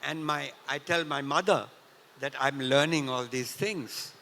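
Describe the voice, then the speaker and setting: An older man from Punjab tells a story at a festival talk, often clearing his throat. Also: medium pitch, bright, forceful tone. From India, Punjab. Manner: clears throat often, unhurried anecdotal retelling. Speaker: festival speaker. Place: large hall at a literature festival. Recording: reverberant hall.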